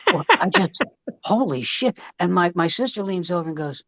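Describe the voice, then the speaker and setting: A man, a comedian guest, telling family stories in an animated way and jumping up loudly when he imitates people. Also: sits high, normal speed, dry recording. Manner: animated, loud jumps when acting out quotes. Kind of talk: storytelling comedy chat. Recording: dull lo-fi dry sound.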